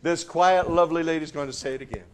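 A man preaching a sermon and leading prayer, dropping to a hush and then rising loud to coax the congregation. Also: a little high, fast talker, a little hiss or hum. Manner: swings from hushed to loud, coaxing the congregation. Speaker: pastor. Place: church service in front of a congregation.

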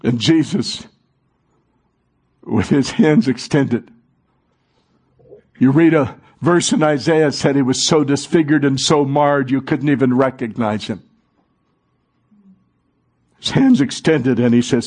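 A man preaching a sermon in a dramatic way, moving from hushed passages to rising fervor. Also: mid-range voice, slow pace, pauses often, husky.

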